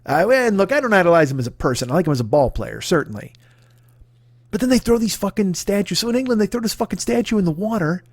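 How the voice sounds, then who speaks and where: A man's voice: sits high, expressive, quick pace, dry recording, studio quality. A man in his forties hosting a comedy podcast, ranting in a sweary, exasperated, rambling way. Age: 40s. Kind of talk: profane comedic rant.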